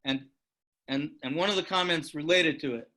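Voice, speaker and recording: A man's voice: fairly high pitch, normal speed, pushed and bright. A man giving a lecture on leadership, telling stories and praising audience answers. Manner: storytelling and encouraging.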